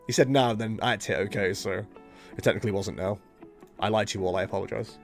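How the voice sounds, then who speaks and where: A man's voice: fairly low pitch, quick pace, creaky, faint music behind. A man at home streaming a card game, chatting casually in a rambling, self-mocking way. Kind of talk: casual live-stream commentary.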